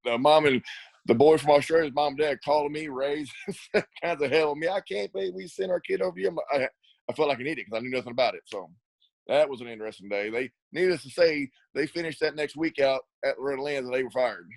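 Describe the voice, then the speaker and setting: Fast-talking middle-aged man, dry sound. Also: medium pitch, no room sound, rough recording. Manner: rambling, laughs often, repeats words. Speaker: ATV racer and riding school coach. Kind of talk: casual storytelling interview.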